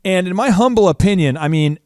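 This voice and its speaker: A middle-aged man from Oklahoma hosting a podcast, telling stories in an animated, self-mocking way. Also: sits high, fairly quick, dry recording, studio quality. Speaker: podcast host. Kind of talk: casual chat.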